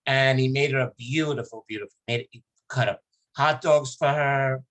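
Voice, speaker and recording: A man's voice: medium pitch, steady tone, normal speed, a bit bright. Man telling a sad story, rambling. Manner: emotional, rambling storyteller with many restarts. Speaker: podcast host. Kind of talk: casual chat, telling a personal story.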